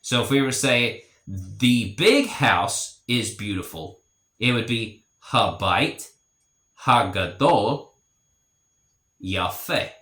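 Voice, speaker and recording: A man teaching grammar in a slow, deliberate lesson, repeating each example phrase. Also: mid-range voice, lively intonation, sharp tone, reverberant. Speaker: language teacher. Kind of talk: explanatory language lesson.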